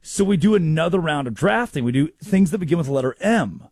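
A man's voice: fairly high pitch, quick pace, husky, no room sound, clean studio sound. A man hosting a comedic sports talk show, telling stories and mimicking people. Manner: storytelling, mimics people in quotes, animated. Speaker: radio show host.

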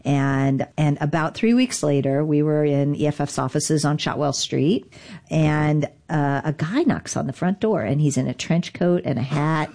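A woman's voice: sits low, a little slow, dark tone. A woman guest in an interview, candidly recounting events in a wry, conversational way. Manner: candid, wry, self-deprecating. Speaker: interview guest, digital rights advocate. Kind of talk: conversational storytelling.

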